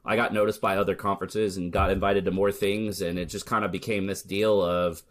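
A man's voice: sits low, flat delivery, a little fast. An American man being interviewed on a casual podcast, telling stories in a candid, joking way and playing up sarcastic asides. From United States. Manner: candid, storytelling, swears, jokes sarcastically. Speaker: podcast guest, search marketer.

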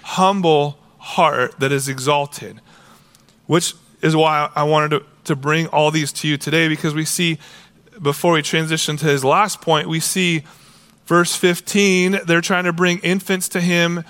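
A man preaches with a bright, forceful voice that sits a little high. He keeps his delivery casual and animated, slipping into quoted voices as he talks. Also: a little slow, clean tone. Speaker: pastor. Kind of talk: sermon.

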